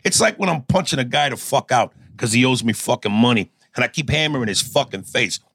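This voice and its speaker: A man's voice: mid-range voice, expressive, a little fast, gravelly, a bit bright, no echo, clean studio sound. A man voicing a profane, violent Italian-American thug from New Jersey who rants aggressively, with a Jersey Italian-American accent. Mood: ranting. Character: foul-mouthed Italian-American Jersey thug, male, middle-aged, violent. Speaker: podcast host.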